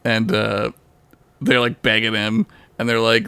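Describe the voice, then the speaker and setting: A man's voice: lowish voice, measured pace, gravelly, smooth, no echo. A man telling jokey stories in a casual chat with friends. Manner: animated, jokey storyteller.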